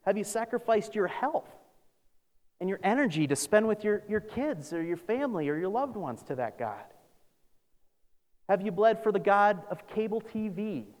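A man preaching a sermon as pastor, animated, acting out scripture with sarcastic asides. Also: high-pitched, moderate pace. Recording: long reverb of a large hall.

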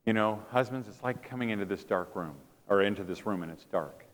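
A man's voice: on the low side, brisk. A man giving a humorous sermon, telling self-mocking stories about family life to a live audience in a hall. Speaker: preacher.

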